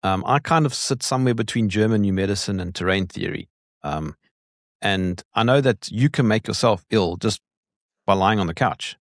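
A man's voice: on the low side, normal speed, no echo, clean studio sound. A man chatting as a podcast guest, talking emphatically and laughing often, with repeated starts to his sentences. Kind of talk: casual conversation.

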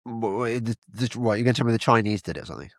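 A man's voice: on the low side, rapid-fire, vocal fry, dry recording, clean studio sound. A British man hosting a podcast, chatting casually and rambling, often stumbling and repeating his words. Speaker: podcast host. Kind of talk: casual conversation.

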